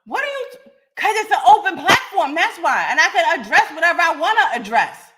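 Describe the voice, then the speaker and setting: High voiced woman podcast host, bright sharp tone, blunt and cussing a lot. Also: very animated, brisk. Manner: blunt, profane, confrontational. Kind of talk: live podcast rant.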